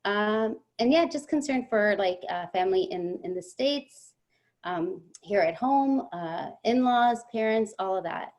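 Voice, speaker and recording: A woman's voice: mid-range voice, expressive, measured pace, a little mellow. A mother of teenagers speaking thoughtfully on a video call, with light laughs. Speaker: parent of teenagers. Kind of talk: casual chat on a video call.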